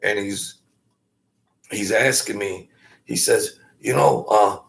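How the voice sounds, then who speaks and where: A man telling a story in a halting way, with many fillers and restarts, acting out the voices of the people he quotes. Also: on the low side, gravelly. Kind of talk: casual storytelling.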